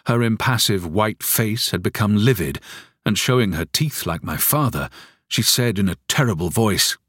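Expressive low-voiced male storyteller. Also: moderate pace, husky, no echo, studio quality. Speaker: narrator. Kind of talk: audiobook narration.

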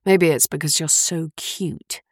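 A woman's voice: low voice, steady tone, a little slow, dry recording, studio quality. A woman reading the lines of a joking, reassuring male police officer in an audiobook.

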